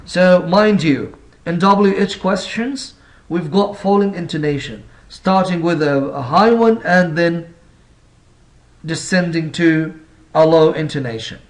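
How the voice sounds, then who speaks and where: A male English teacher with as his gives a recorded lesson. He explains slowly, rephrases his points and asks the class rhetorical questions. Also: a little high.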